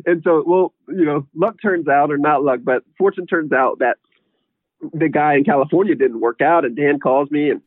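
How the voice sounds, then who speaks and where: A man's voice: a little high, moderate pace, dry recording. Man telling a story over a tinny line. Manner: rambling, repeats words, laughs often. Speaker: guest, horse trainer. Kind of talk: casual interview storytelling.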